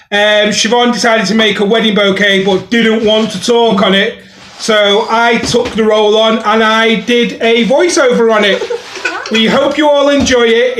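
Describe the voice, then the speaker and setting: A man hosting a vlog intro, loud and excited. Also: very high voice, reverberant, noisy background. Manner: loud, excited, upbeat greetings. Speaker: shop co-owner and vlog host.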